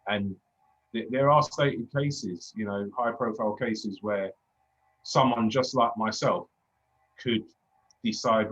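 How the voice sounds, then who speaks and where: Cockney man, thirties, low husky voice, earnest and reflective, dull lo-fi audio. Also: takes it slowly, long pauses, a bit bright. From London. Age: 30s. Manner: earnest, reflective, with frequent restarts. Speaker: discussion guest, former police officer. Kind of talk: casual discussion.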